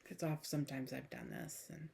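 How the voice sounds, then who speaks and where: A woman talks through a casual book review in a rough, gravelly morning voice that sits a little low. She rambles, restarts her sentences and fills the gaps with plenty of ums. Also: level tone, normal speed, darkish tone, slight background noise. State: raspy morning voice.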